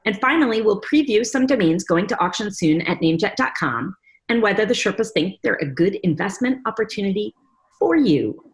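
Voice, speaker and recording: An upbeat woman hosts a panel show over a video call. She introduces guests and runs segments in a chatty, friendly manner. Her voice sits at a middling pitch for a woman. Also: expressive, a little fast. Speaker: host and executive producer. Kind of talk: hosting a panel talk show.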